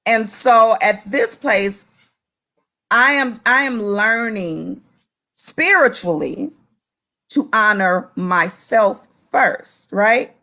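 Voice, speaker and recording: A woman's voice: mid-range voice, animated, extremely slow, bright, forceful tone. A woman guest on a faith-based talk show, speaking earnestly and with emphasis about her experience as a mother.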